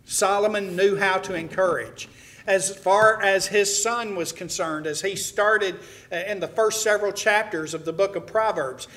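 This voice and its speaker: A man's voice: high voice, normal speed, fairly bright tone. A middle-aged man preaching to his congregation, telling a story in a folksy way with many "uh"s and restarts. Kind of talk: sermon to a congregation.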